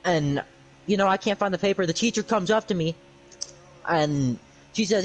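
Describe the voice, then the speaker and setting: High-voiced young dude ranting on stream, sarcastic, rambly. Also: male voice, moderate pace, pauses often, rough recording. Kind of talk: ranting storytime on a livestream.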